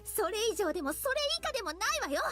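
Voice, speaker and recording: An actress voicing a flustered, polite young landlady in an anime game, quick to deny and embarrassed. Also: very high voice, big pitch swings, a bit bright, soft background music, heavily acted.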